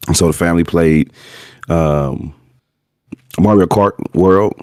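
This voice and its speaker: Brief: sick, hoarse man with a very deep voice, halting casual gaming talk, dry close sound. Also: a little mellow, dry recording. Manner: halting, many fillers and restarts. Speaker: podcast co-host.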